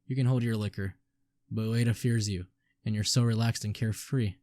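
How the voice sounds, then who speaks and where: A man voicing a drunk young wanderer, rambling and laughing, in a lowish mellow voice. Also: fairly even intonation, brisk, dry recording, close to an everyday voice. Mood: drunk merry. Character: drunk young male wanderer, jolly and insecure.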